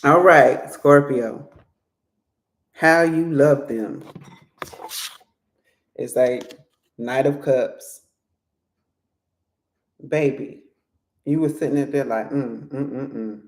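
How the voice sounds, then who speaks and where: A tarot reader in a casual reading, chatty and quick to laugh, often slipping into little acted-out voices. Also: mid-range voice, a little hiss or hum. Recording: roomy echo.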